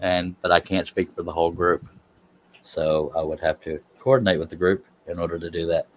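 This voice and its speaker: A man chatting casually on a live stream while doing scroll saw work in a workshop, relaxed and self-deprecating, with a low, soothing voice. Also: fairly quick, a little hiss or hum.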